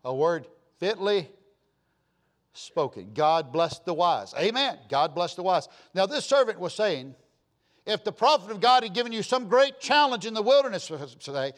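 A man preaching a sermon in a folksy way, repeating phrases for emphasis, with sudden loud bursts and quiet asides. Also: high voice, sing-song, normal speed. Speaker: pastor.

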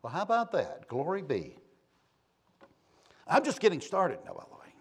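Male pastor, fiery sermon delivery, high and highly animated pitch, loud peaks against quiet asides. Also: normal speed, husky. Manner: impassioned, swings from soft to shouting.

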